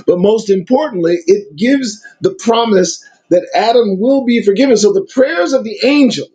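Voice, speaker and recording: A man's voice: high voice, moderate pace, warm tone, rough recording. A man reading old scripture aloud and breaking off into casual commentary full of emphatic rhetorical questions.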